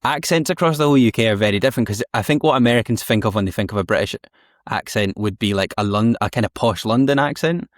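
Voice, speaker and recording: A Scottish man hosting a podcast, talking quickly in a slightly low voice. His delivery is chatty and full of fillers, and the sound is dry and close. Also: no echo. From East Coast of Scotland. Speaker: podcast host. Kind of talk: casual podcast interview.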